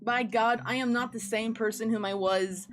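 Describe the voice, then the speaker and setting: A woman's voice: on the high side, steady tone, normal speed, over music. A young woman chatting casually with her viewers while drawing, giving rambling, encouraging advice. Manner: encouraging, rambling, with playful sing-song noises. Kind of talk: casual livestream chat.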